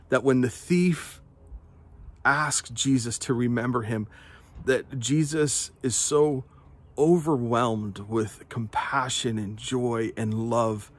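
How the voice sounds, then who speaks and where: A male pastor giving an earnest devotional talk, often repeating his words as he goes. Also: medium pitch. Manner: earnest and unhurried, with frequent word repeats.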